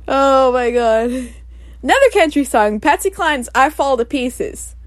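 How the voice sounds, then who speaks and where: Female podcast host, high pitch, slow easy delivery, giggly and playful. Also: animated, dry recording. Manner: giggly, often breaks into laughter; playful, jokey asides. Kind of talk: casual solo podcast chat.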